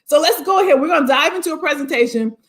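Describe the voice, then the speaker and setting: A woman career coach presenting on a livestream, chatty and animated, talking straight to her viewers as she sets up her slides. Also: sits high, fast.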